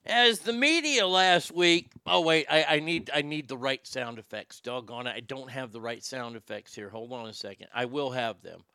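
A man's voice: mid-range voice, normal speed, few pauses, bright, forceful tone, clear, resonant tone, dry recording, clean studio sound. A man hosting a casual show, ranting sarcastically with lots of profanity. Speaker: podcast host.

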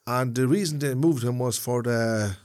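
A man's voice: medium pitch, moderate pace, darkish tone. A man in his fifties with an Irish accent, co-hosting a podcast and chatting earnestly about his faith. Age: 50s. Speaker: podcast co-host. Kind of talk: casual banter.

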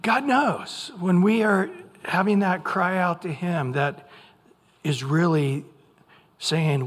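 An older man with an American accent, a pastor preaching a sermon in an animated way, acting out voices now and then. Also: fairly high pitch, a little slow. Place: church sanctuary. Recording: long hall reverb.

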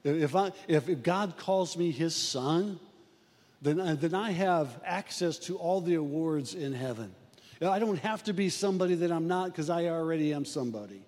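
An older man with a high voice preaches to his church, folksy and storytelling, stumbling over repeated words. His voice rings out with a long reverb, as in a big hall. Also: lively intonation, normal speed, darkish tone. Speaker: pastor. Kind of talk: sermon.

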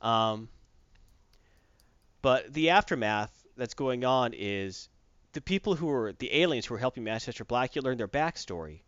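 A man's voice: mid-range voice, expressive, moderate pace, a bit bright, clean tone, no echo, lo-fi sound. A man in casual chat, recapping a comic book plot in a rambling way with many fillers and restarts.

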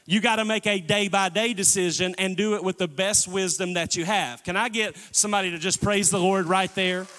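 A man's voice: high-pitched, fairly even intonation, brisk, sharp tone. A man preaching a sermon as pastor, calling on the congregation to respond. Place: church sanctuary. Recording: long church reverb.

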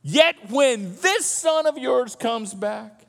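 A bitter, resentful grown son, put on by a preaching man, airs his grievances in a high, lively voice. His raised complaint rings through a hall with a long echo. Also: takes it slowly, gravelly, exaggerated voice. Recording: long church hall reverb.

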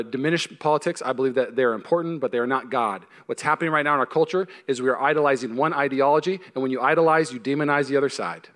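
A male pastor preaching a sermon to a congregation, emphatic and animated, swinging between loud punchy lines and hushed ones, with humorous storytelling. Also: mid-range voice. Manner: humorous storytelling with acted-out asides. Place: church service before a congregation.

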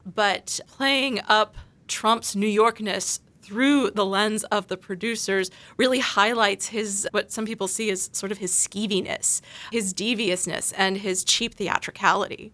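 A woman on an academic panel, talking through her essay in a measured, analytical way. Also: mid-range voice, fairly even intonation, bright, forceful tone.

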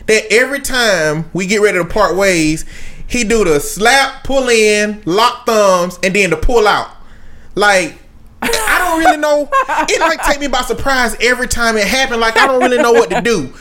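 A man's voice: very high voice, animated, normal speed, pushed and bright. A man chatting casually on a podcast, telling stories with jokes and frequent laughter. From Southern United States. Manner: storytelling, joking, laughs often. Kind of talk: casual chat.

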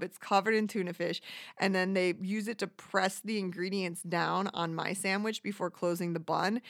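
A woman's voice: medium pitch, fairly bright tone, dry recording, studio quality. A woman ranting in a casual, profane, rambling way, self-deprecating and acting out other people's voices as she goes. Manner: acts out quoted voices. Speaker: monologuist. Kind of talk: casual rant.

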